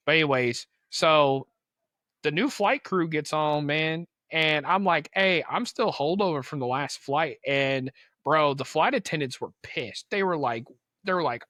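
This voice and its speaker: Young male podcast host, slightly high voice, dry close sound, slangy and animated storyteller. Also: moderate pace, no echo. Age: young adult. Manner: animated, slangy, acts out quoted people. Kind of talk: casual storytelling.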